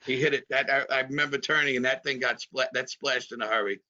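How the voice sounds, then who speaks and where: Bright-voiced rambling former ballplayer. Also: male voice, medium pitch, fairly even intonation, fast talker, slight background noise. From New Jersey. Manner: rambling, many fillers, chuckles often. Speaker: former pitcher, guest. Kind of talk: casual reminiscing chat. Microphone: video call. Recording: dull video-call audio.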